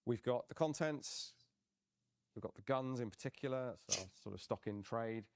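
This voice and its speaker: A man, a museum curator, explaining objects in a relaxed, hesitant way. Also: mid-range voice, normal speed, vocal fry. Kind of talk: informal museum talk.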